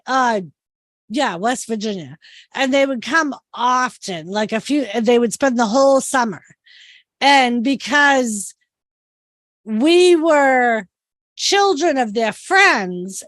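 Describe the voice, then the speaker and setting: A woman's voice: high-pitched, fairly bright tone, no room sound. A woman from Massachusetts with a Massachusetts accent, chatting casually and telling stories, full of "like". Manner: chatty storyteller, frequent "like". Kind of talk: casual chat.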